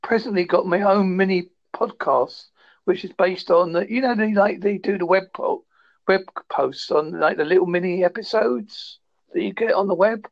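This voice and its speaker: A man's voice: high voice, normal speed, gravelly, muffled recording. A man from Britain hosting a casual podcast chat, playful and joking. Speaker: podcast host.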